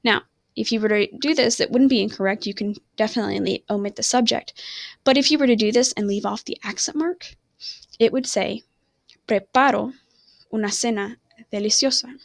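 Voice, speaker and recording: A woman's voice: a little high, brisk, creaky, no room sound. A woman teaching a recorded online lesson, rambling and often stopping to correct herself. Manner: self-correcting, apologetic, rambling. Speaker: Spanish teacher.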